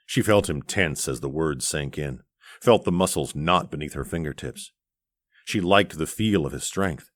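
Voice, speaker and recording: A man reading an audiobook aloud in a measured, gentle narration on a close studio mic. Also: very deep voice, expressive, no room sound.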